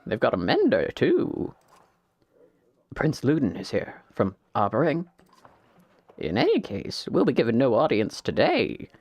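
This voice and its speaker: Crazy old warrior, put on by a man, high cracked voice, swooping wildly, gravelly, dry sound. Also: huge pitch swings, unhurried, pauses often, darkish tone, dry recording, heavily acted.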